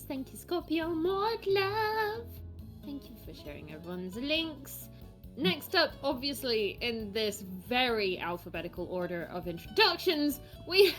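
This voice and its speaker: A high, sing-song woman hosting a tabletop livestream, giggly and bubbly as she introduces each player. She speaks at an unhurried pace with a lively pitch, and faint background music sits under her voice chat. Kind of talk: casual livestream banter.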